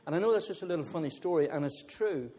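A male preacher giving a sermon, telling a funny personal story in an animated way and often laughing as he talks to the congregation. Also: fairly high pitch, fast, breathy edge. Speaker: visiting preacher.

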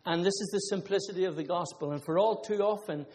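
A man's voice: high-pitched, quick pace, a little mellow. A man preaching a conversational sermon, mixing scripture with personal testimonies and asides to the congregation. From Ireland. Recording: long hall reverb.

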